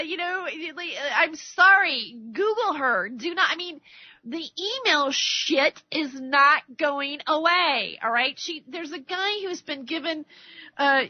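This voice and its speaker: A high-pitched woman hosts a radio talk show and rants in a rambling, heated way. She stammers and restarts her sentences, then acts out both sides of an argument. The sound is dry and a little dull, like a lo-fi radio recording. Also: no echo. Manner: acts out arguments by quoting others. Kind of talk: political rant monologue.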